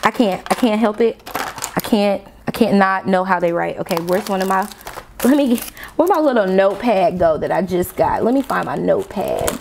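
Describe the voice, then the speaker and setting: A woman talks fast and warmly to her viewers while she tests pens at her desk. She gushes and jumps up in pitch with delight, and a faint hiss of room noise sits under her voice. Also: vocal fry. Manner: excitable, gushing, talks to viewers as y'all. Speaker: planner vlogger. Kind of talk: casual unboxing chat to viewers. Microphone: desk camera mic, off camera.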